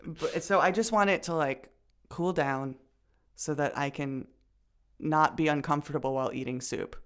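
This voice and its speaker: A woman from the United States co-hosting a podcast in casual chat, playful and quick to laugh. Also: sits low, clear, resonant tone. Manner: playful, giggly, jokey. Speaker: podcast co-host.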